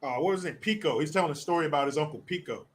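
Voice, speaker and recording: A man's voice: a little high, rapid-fire. A male host giving casual commentary on viewer comments, blunt, profane and rambling.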